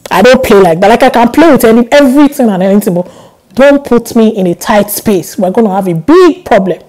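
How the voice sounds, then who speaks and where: A young woman vlogger chatting casually to camera, telling stories with animated laughs. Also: a little high, fairly quick, low-quality recording. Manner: animated storytelling, laughs often.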